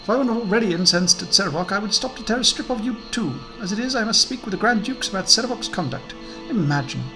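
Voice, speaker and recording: A man's voice: high-pitched, lively intonation, over music, rough recording. A man putting on a huffy rich noblewoman. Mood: indignant. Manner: huffy, offended, rapid complaining. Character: haughty wealthy noblewoman, furious and indignant.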